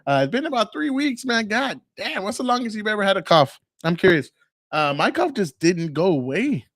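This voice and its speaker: A man's voice: high voice, very animated, normal speed, a bit bright, dry recording, clean studio sound. A man in his forties hosting a casual solo podcast, rambling and swearing freely between fillers, with a lingering cough. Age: 40s. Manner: loose, profane, rambling with many fillers. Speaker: podcast host.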